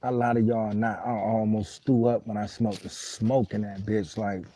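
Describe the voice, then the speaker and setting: A man talks loosely on a live stream, his voice very dark and mellow with a husky grain. He rambles through a story in heavy slang and swearing, stopping now and then to answer comments. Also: fairly low pitch, level tone, moderate pace, few pauses, rough recording. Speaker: livestream host.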